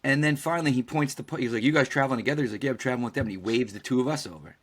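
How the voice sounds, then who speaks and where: A man's voice: medium pitch, racing, fairly bright tone, breathy edge. A man co-hosting a podcast, telling a story casually, acting out the quoted dialogue and swearing freely. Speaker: podcast co-host.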